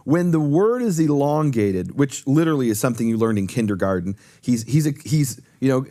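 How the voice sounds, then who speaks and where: This man's voice is darkish and sits at a medium pitch. Appearing as a guest teacher on Hebrew on a talk show, he explains in earnest detail, lecturing and emphatically repeating his main points.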